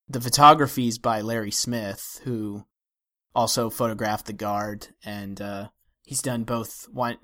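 A man's voice: fairly low pitch, a bit bright. A man hosting a film podcast in casual discussion, talking in a wry, hesitant way with many restarts. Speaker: podcast host.

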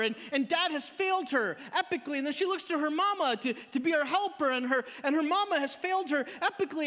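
A pastor preaching a sermon live, telling stories in an animated way, repeating words and swinging between loud and soft. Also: male voice, extremely high pitch. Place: church auditorium. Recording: live in a church hall with long reverb.

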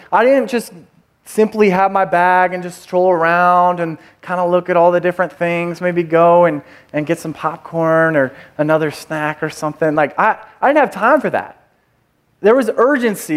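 A man preaches in a loose, conversational way, weaving a personal story into his sermon with plenty of fillers and restarts. His voice sits a little high for a man. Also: steady tone, moderate pace. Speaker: pastor.

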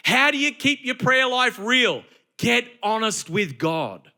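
A man preaching a sermon, emphatic and conversational, slipping into quick acted asides. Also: extremely high pitch, big pitch swings, vocal fry, sharp tone.

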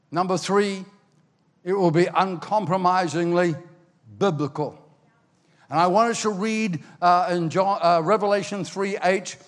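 An older man preaching in a hall with a long ringing reverb. His voice sits fairly high for a man, and he tells stories with lively swings between loud and hushed. He acts out the voices of the people he quotes. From Ireland. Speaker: pastor. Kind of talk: sermon.

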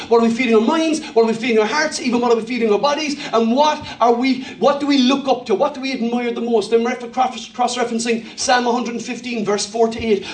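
A male pastor delivering a lively sermon in a very high voice, peppering it with questions and quips to the congregation. He sounds set back from the microphone, and the room rings with echo. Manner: animated preacher, rhetorical questions and jokes with the congregation. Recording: echoey room from far off.

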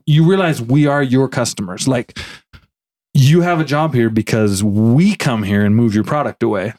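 A man co-hosting a podcast, telling a story in a casual, animated way and acting out both sides of a heated argument. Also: mid-range voice. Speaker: podcast co-host.

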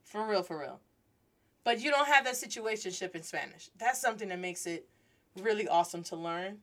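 A woman's voice: mid-range voice, expressive, a little fast, fairly bright tone. A woman hosts a playful Spanish lesson, moving between English and Spanish with rhythm and humor. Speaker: Spanish teacher and host. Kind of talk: lively language lesson.

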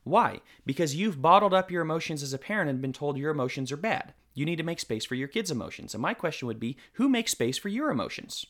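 A man's voice: a little high, lively intonation, fast, hardly any pauses, fairly bright tone. A man co-hosting a podcast discussion, arguing his points emphatically in long runs. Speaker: co-host.

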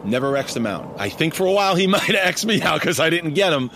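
A man's voice: high voice, quick pace. A man with a Long Island accent, a basketball referee telling stories in a casual interview and often tossing in "man". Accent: Long Island New York. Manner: animated, laughs often, says "man" a lot. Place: outdoors in a park, traffic behind. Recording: faint outdoor traffic noise.

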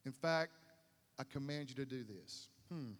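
A man's voice: mid-range voice, unhurried. A man preaching a sermon, folksy and repetitive, building to emphatic peaks. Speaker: pastor. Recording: long hall reverb.

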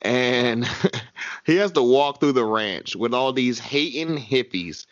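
Male co-host, lively swearing storyteller, dry muffled sound. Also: mid-range voice, slow pace, no echo. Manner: animated storyteller, swears freely. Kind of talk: casual movie recap.

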